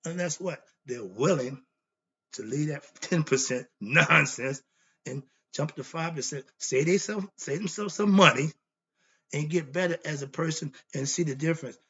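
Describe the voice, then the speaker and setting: The man sounds a little high, pushed and bright, speaking at normal speed on a muffled recording. He's the host of a philosophy monologue about self-knowledge, delivering a blunt, preachy lecture where he repeats points and answers his own rhetorical questions with annoyance.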